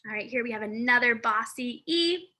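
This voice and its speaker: This woman's slightly high voice has lively intonation and a pushed, bright quality. Teaching young children phonics, she sounds out letters and words with precise enunciation while thinking out loud, pausing and dropping in fillers.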